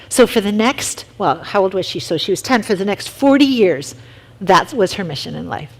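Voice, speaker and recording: A woman leading a casual youth talk for middle schoolers, telling lively stories and asking the group questions. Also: medium pitch, normal speed, slightly rough.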